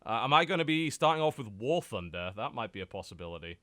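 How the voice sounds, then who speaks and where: A British man hosts a podcast chat, his pitch leaping up and down as he jokes and mimics. The sound is dry and close to the mic, with no room around him. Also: no echo. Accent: British English. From United Kingdom. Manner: animated, joking, quick to mimic and exaggerate. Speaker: podcast host. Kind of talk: casual chat.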